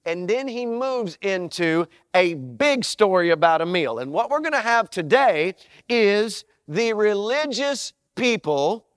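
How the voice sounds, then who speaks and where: A man's voice: high voice, a bit bright, no room sound, clean studio sound. A male pastor preaching a sermon in an emphatic, conversational way, repeating phrases for weight.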